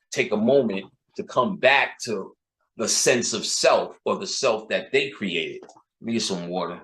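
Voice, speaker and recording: A man's voice: on the low side, sharp tone, reverberant, low-quality recording. A man with a New York accent, talking in a profane, rambling, casual monologue full of street slang. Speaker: channel host.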